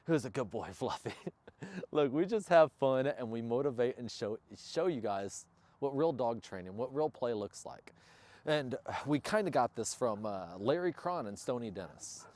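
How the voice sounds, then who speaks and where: A man who handles and trains his service dog, chatting upbeat to viewers of a casual training vlog outdoors and praising the dog loudly. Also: medium pitch, lively intonation, normal speed, no room sound. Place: outdoors, yard or field. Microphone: camera on a stand nearby.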